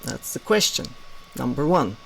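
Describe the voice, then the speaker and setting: A man giving a reflective spiritual talk with a gravelly, creaky texture at a middling pitch. He leans on rhetorical questions and quiet asides. A faint noise sits behind him. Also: very animated, moderate pace, rough recording. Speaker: spiritual teacher.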